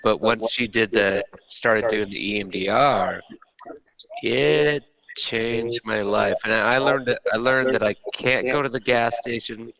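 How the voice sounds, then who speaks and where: A man's voice: medium pitch, steady tone, a little slow, creaky, fairly bright tone, low-quality recording. A man hosting a podcast, talking bluntly and casually and swearing freely. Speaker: podcast host. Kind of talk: candid personal conversation.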